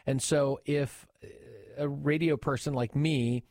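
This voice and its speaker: A man's voice: medium pitch, fairly even intonation, a little slow, darkish tone, no room sound. A man hosting a radio show in a studio, chatting playfully with his co-host. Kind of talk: casual radio banter. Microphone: studio microphone.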